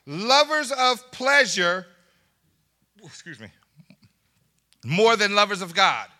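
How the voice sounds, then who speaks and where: A pastor preaching with great animation, his voice swinging widely up and down. He talks to the congregation directly, asks if they are ready and laughs between points. The man's tone is very bright and high. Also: takes it slowly. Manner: animated preaching, laughing asides, call and response. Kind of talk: sermon.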